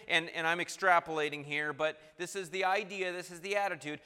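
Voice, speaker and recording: A man preaching a sermon, emphatic and building to forceful peaks. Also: fairly high pitch, fairly even intonation, fairly quick, smooth, long reverb tail.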